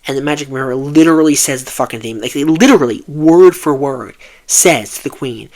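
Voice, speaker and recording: Man, mid-pitch, swearing film reviewer in full rant; exasperated, restarts often. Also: a little fast, a little mellow.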